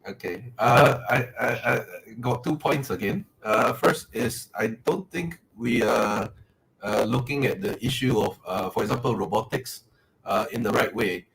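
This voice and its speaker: Halting man debating on a live call. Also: medium pitch, vocal fry, fairly bright tone, slight background noise, poor audio. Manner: halting, many fillers and restarts. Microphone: webcam call mic.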